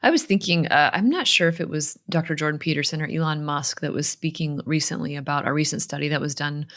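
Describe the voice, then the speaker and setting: A woman, a religious sister, co-hosting a faith podcast, reading scripture calmly and measuredly, then chatting. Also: sits low. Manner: calm, measured reader. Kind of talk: scripture reading and casual chat.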